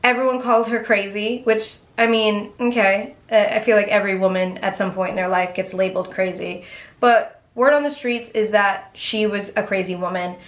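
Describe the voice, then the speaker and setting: A woman's voice: medium pitch, steady tone, normal speed. A young woman telling a true crime story in a casual, chatty and profane way, as a YouTuber.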